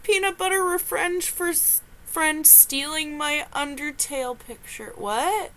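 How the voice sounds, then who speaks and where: High, bright-voiced young woman reacting. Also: measured pace. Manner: animated, exclaims and laughs between lines. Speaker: host reading and reacting to online confessions. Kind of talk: comedic reaction reading.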